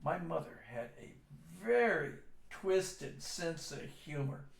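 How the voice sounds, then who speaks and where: A man's voice: a little high, expressive, slow pace, gravelly. A middle-aged man hosting his own show, telling rambling, darkly funny stories in a casual, self-deprecating way. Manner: dark-humored, self-deprecating, chatty. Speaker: show host. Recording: echoey room.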